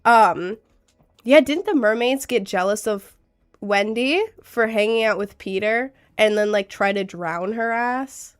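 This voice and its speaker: A woman's voice: mid-range voice, a little slow, clear, resonant tone. A young woman streaming live with a cold, chatting in a rambling, giggly way and reading out chat. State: has a cold.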